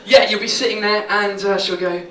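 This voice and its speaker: Crude comic in an echoey pub. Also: male voice, high voice, steady tone, brisk. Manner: crude, chatty, laughing at own jokes. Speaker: stand-up comedian. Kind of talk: stand-up comedy set. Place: small comedy pub stage with audience. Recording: echoey room, distant mic, loud crowd.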